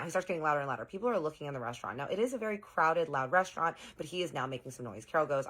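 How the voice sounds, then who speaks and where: A woman telling a story in a sassy, gossipy way. Her voice sits low for a woman and stays casual throughout. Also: expressive, fast talker, hardly any pauses, fairly bright tone.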